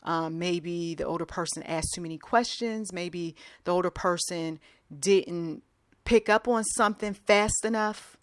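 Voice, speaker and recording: A woman's voice: fairly low pitch, unhurried, dry recording. A middle-aged woman hosting a Christian advice show, talking casually and emphatically, with many asides.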